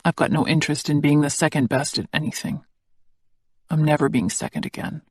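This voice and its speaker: Reader playing a guarded, hurt young man; quiet, level, audiobook dialogue in a dead-dry room. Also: medium pitch, fairly even intonation, fairly quick, slightly rough, no echo, close to an everyday voice. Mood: bitter. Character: guarded adult man, bitter about his father.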